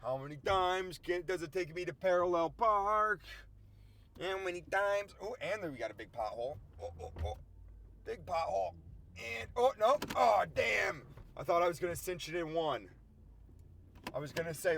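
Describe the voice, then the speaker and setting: A man in his twenties giving a rambling, animated comic monologue from inside his car, swearing often. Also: sits high, moderate pace, gravelly, slight background noise. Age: 20s. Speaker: podcast host. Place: inside a car while driving and parking.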